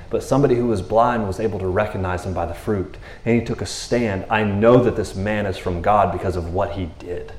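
A man's voice: on the low side, roomy sound. A man preaching a casual sermon in a loose, conversational way, laughing often and checking in with his listeners. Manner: conversational, animated, laughs often, keeps saying "you know what I mean".

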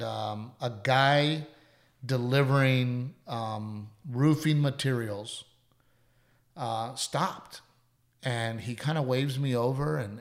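A man co-hosting a podcast talks in a casual, chatty way. His voice sits at a medium pitch, and he tells earnest stories that drop to a hushed tone when they turn heartfelt. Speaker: podcast co-host. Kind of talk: casual chat and storytelling.

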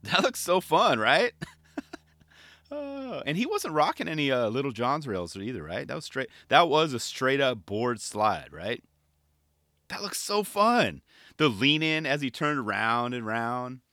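A man's voice: mid-range voice, sing-song, a little slow, sharp tone, no echo, clean studio sound. A man giving casual commentary on a skate video in laid-back skater slang, often tagging on "right?" and "you know".

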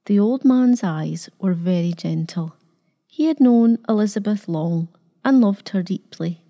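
A woman narrating a story in a calm, measured way. Her voice is warm and mellow at a mid pitch. The reading stays steady. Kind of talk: scripted narration.

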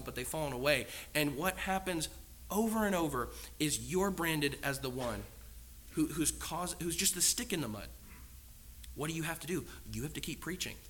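A man's voice: on the high side, sharp tone, slight background noise. A man preaching a sermon in an earnest, emphatic way, asking the congregation many rhetorical questions.

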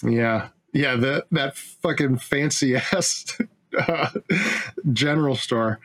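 A man's voice: medium pitch, slow. A man in casual chat who retells a film scene by scene, swearing freely, laughing often and acting out the characters' lines. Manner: animated, profane, laughing storyteller who acts out the dialogue.

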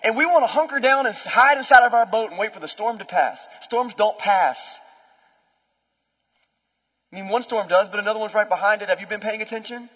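A young adult man, a pastor, preaching a conversational sermon with lively storytelling. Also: high-pitched, fairly quick. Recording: long hall reverb.

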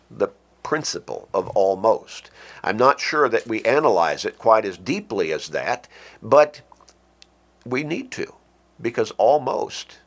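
Slow, earnest male radio preacher. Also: on the low side, vocal fry. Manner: earnest, measured preaching with slow deliberate stresses. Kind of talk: radio sermon.

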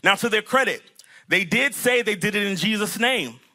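A young adult man preaching a sermon as pastor, animated, with a sing-song rising delivery and playful acted-out asides. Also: high voice. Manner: animated preaching, acts out the disciples and Jesus in quick asides.

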